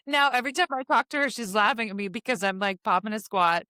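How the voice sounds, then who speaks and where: A woman's voice: mid-range voice, quick pace, dry recording. Breathless chatty young woman podcast host. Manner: chatty, animated, laughs often. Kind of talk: casual chat.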